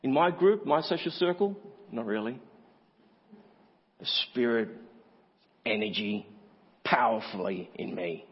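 Husky-voiced man preaching a sermon. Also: unhurried, pauses often. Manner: rises to high emphatic peaks, then drops to quiet asides; asks the congregation direct questions. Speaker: pastor. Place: church. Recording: muffled church sermon recording with long reverb.

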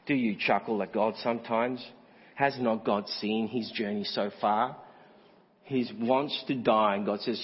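A man preaching a sermon as pastor, asking the congregation direct questions and swinging from high emphatic peaks to quiet asides. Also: steady tone, measured pace, slightly rough. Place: church. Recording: muffled church sermon recording with long reverb.

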